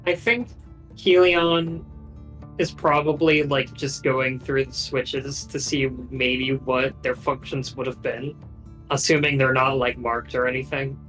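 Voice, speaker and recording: A man's voice: medium pitch, level tone, measured pace, fairly bright tone, soft background music. A man playing a tabletop game, thinking aloud with lots of fillers and restarts. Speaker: player.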